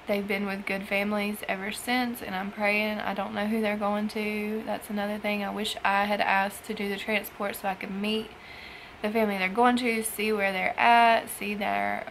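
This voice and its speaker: A young woman, a foster mother, talking in an emotional personal vlog, halting and tearful with sighs and trailing phrases. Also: medium pitch, creaky, fairly bright tone, slight background noise, rough recording. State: emotional after crying. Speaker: foster parent vlogger.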